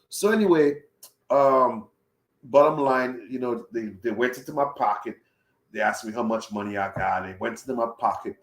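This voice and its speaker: A young man tells a travel story in loose, profane talk at a middle pitch. He acts out his own reactions along the way. The recording has a roomy echo. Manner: profane, animated retelling with voiced reactions. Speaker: travel vlogger. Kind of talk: casual storytelling.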